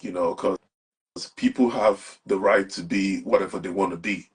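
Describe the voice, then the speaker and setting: A man's voice: sits low, steady tone, moderate pace, slightly rough. A young man with a Nigerian accent, talking animatedly as an interview guest and mixing Pidgin with English. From Nigeria, Anambra. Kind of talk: casual interview talk.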